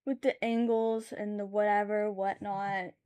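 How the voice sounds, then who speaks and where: A young woman streaming while she draws, rambling and thinking aloud, with sudden loud, excited bursts. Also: medium pitch, a little slow, clear, resonant tone. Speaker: art streamer. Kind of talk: casual live-stream chat while drawing.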